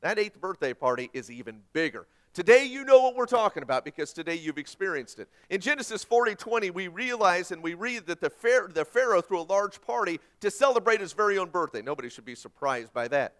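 A man preaching a sermon in an animated, emphatic way. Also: high-pitched, fairly quick, hardly any pauses. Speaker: pastor.

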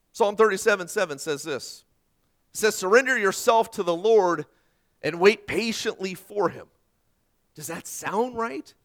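A male pastor giving an earnest sermon, asking rhetorical questions and swinging between loud and soft. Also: high-pitched.

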